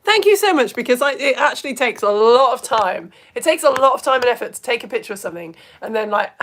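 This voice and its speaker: A woman's voice: mid-range voice, a bit bright. A woman from the UK hosting a live online lesson, chatting casually with viewers in a self-mocking, giggly, rambling way. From United Kingdom.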